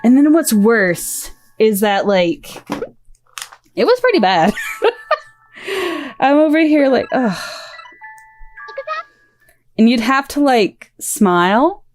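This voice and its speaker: A woman's voice: on the high side, very animated, slow, long pauses. A young woman streaming a game and chatting casually, rambling through stories with lots of "like" fillers and frequent laughter. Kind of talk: casual chat while gaming. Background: game music.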